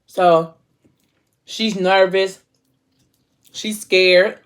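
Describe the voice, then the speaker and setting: A woman book vlogger casually recapping a novel's plot in an emotional, animated way, with informal slang. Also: mid-range voice, drawn-out words.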